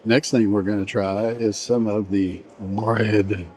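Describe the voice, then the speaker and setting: A man's voice: fairly low pitch, steady tone, normal speed, dark tone. A middle-aged man in a casual food-tasting vlog, chatting and rambling between bites in an indoor buffet restaurant. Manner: chatty, rambling, trails off mid-sentence while eating. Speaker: vlogger reviewing a buffet.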